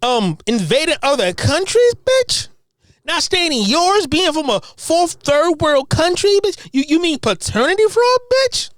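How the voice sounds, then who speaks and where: High, swooping woman ranting profanely. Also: very animated, moderate pace, hardly any pauses, dry recording, studio quality. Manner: profane, mocking, fires rhetorical questions; stammers repeated words when worked up. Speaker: podcast host. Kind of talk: heated podcast rant.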